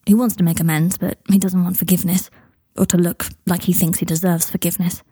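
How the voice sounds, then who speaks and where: A woman's voice: fairly low pitch, level tone, fast talker, warm tone, slightly rough, no room sound, clean studio sound. A woman voicing a candid young man who speaks bluntly and offhandedly in a storybook reading. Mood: frank.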